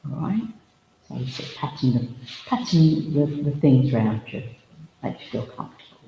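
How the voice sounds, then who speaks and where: A man's voice: medium pitch, lively intonation, normal speed, vocal fry, warm tone. A man working as a spiritualist medium, giving a chatty, humorous demonstration at a service in a village hall. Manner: chatty and humorous, full of asides and anecdotes. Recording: echoey hall reverb, faint noise.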